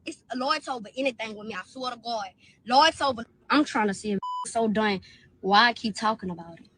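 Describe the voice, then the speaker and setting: A woman's voice: fairly high pitch, fairly quick. A woman from the venting in an upset, repetitive rant in a social media clip. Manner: upset, repeats herself, rants. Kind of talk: emotional venting to camera.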